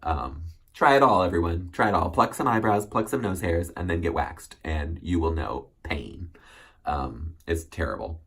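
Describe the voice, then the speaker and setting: A man's voice: deep voice, animated, moderate pace, fairly bright tone, slightly rough. A man hosting a solo recap show, chatting casually and rambling with many ums and self-corrections. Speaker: recap host.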